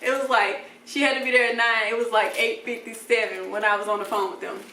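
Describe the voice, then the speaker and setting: Young woman vlogger, lively storyteller, roomy sound with the mic a little away. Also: fairly high pitch, quick pace, distant mic, a little hiss or hum. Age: young adult. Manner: animated, acts out voices in quotes, laughs often. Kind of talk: casual storytime.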